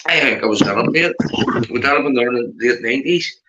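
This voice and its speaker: Brisk and chatty, a Northern Irish man with a Belfast accent hosts a casual livestream, saying mate to everyone with animated jumps in pitch. The audio is dull and reverberant.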